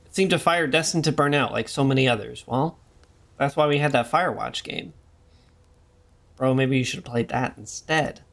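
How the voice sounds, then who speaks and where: A man's voice: medium pitch, moderate pace, gravelly, a bit bright. A young man streaming a horror game live, joking and rambling as he reads the game's text aloud. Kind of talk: live gameplay commentary.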